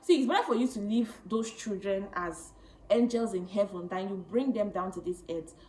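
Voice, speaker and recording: A woman in her late twenties telling a personal story to camera, chatty and animated, often laughing. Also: mid-range voice, normal speed, reverberant, slight background noise, poor audio. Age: late 20s. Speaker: vlogger.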